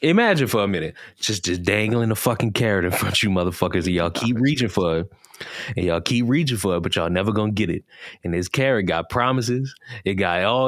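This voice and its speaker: A man with a low, deep voice trades blunt, profane remarks in casual banter. He speaks close to the mic in a dry, dead-sounding room. His delivery is joking but pointed. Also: animated, fast talker, dry recording.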